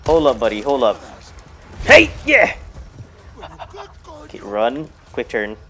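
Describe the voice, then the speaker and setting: A man casually commenting while playing a horror game, muttering low to himself, cursing often, and breaking into loud startled shouts. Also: moderate pace, slight background noise. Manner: profane, jokey self-talk to the game. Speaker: gaming YouTuber. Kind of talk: casual let's-play commentary.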